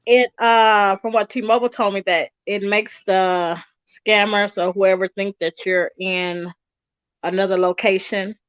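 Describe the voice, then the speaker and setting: Brief: woman, calm explainer, muffled dry sound. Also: mid-range voice, a little slow, clear, resonant tone, no room sound. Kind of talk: casual chat.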